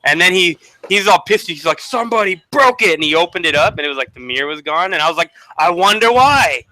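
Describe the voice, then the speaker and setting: A man tells riding stories in a blunt, profane way. His voice is bright and a little high. He sounds casual, like a co-host among friends. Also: quick pace, no room sound, rough recording. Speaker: motovlogger co-host. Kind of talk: casual storytelling chat.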